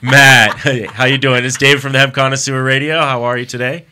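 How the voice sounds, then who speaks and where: A man's voice: mid-range voice, steady tone, brisk, heavy background noise. A man hosting a casual radio talk show, easygoing and chatty.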